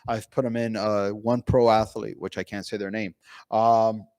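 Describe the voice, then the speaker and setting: A man speaking as a pain physician at a conference, telling patient stories in an animated way with many fillers and restarts. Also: fairly low pitch, normal speed, no room sound. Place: conference room.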